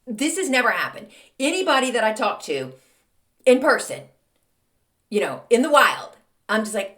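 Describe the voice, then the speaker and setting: A woman's voice: on the high side, sing-song, fairly bright tone. Chatty snarky woman podcaster. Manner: snarky, chatty, exasperated rants with quick asides. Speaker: podcast host. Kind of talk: casual solo podcast monologue.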